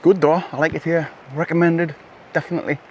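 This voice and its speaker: A man's voice: on the high side, level tone, fairly quick, darkish tone, dull audio, slight background noise. A middle-aged man talking to his camera as he walks woodland paths, rambling with jokey asides. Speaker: vlogger. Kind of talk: casual vlog talk to camera. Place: outdoors on woodland and coastal paths.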